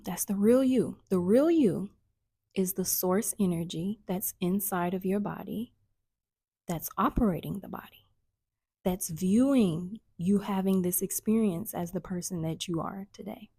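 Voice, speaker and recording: A woman speaks to camera in a casual spiritual-coaching vlog, her voice low and mellow. She talks earnestly and keeps restarting her sentences, now and then dropping into a whisper. The sound is close and dry. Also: husky, dry recording. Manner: earnest, searching, restarts often, drops into whispers.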